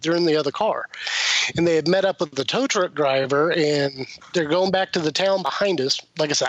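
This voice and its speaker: A man, a guest on a podcast, telling a long story in a casual way, laughing as he goes and acting out the people he quotes. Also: on the high side. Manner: animated, laughs while telling, acts out quoted voices. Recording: slightly muffled dry podcast recording.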